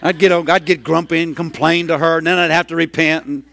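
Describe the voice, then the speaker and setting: Animated high-voiced male preacher. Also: brisk, vocal fry. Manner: animated preaching, rising to loud hollering. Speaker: pastor. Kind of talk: sermon.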